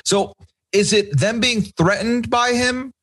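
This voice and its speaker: A man co-hosting a podcast, chatting casually and giving opinionated takes with quick asides. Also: very high voice, fairly bright tone. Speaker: podcast co-host. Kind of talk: casual chat recapping a reality show.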